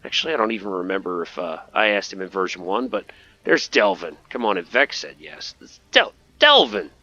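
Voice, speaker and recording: A man's voice: sits low, big pitch swings, a little fast, pushed and bright, highs cut off. Playful man narrating a game. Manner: playful, jokey, talks to game characters. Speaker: gaming host. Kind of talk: playthrough commentary.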